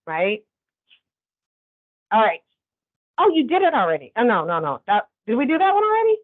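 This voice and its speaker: A woman's voice: fairly high pitch, wildly swooping pitch, normal speed, pauses often. A woman instructor giving a conversational training lecture, often checking in with the class. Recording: tinny phone-like sound.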